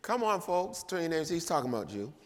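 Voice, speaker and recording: A man preaching a sermon in a church, emphatic, swinging between loud and quiet delivery. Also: a little high, very animated, brisk. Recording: long reverb of a church hall.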